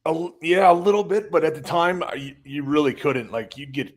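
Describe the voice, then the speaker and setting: A man who is a guest and former wrestler, telling stories in a relaxed, casual way. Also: fairly high pitch, fairly quick, a crowd in the background. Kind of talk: casual chat.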